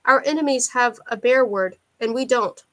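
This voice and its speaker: A woman reading the lines of a calm, precise man in an audiobook, in a flat, matter-of-fact delivery. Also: on the high side, normal speed, natural voice. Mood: cool.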